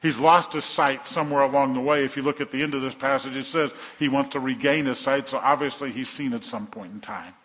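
A man's voice: medium pitch, steady tone, brisk, hardly any pauses, a bit bright. A man preaching a sermon, telling a Bible story vividly and acting out the voices of the crowd. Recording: dull sound with long reverb in a hall.

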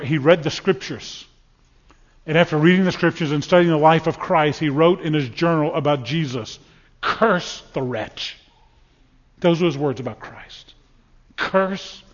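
A man preaching a sermon from the pulpit of a church, emphatic and dramatic, swinging from loud declarations to hushed, solemn lines. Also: on the high side, in a large hall, highs cut off. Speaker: pastor. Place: church sanctuary.

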